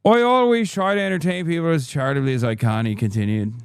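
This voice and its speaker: A man's voice: on the high side, fast talker, smooth, no room sound, clean studio sound, close to an everyday voice. A man putting on an exaggerated Irish accent while reading an article aloud on stream. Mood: mock newsreader. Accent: put-on Irish. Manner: theatrical, exaggerated brogue. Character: man reading news in a hammy put-on Irish brogue.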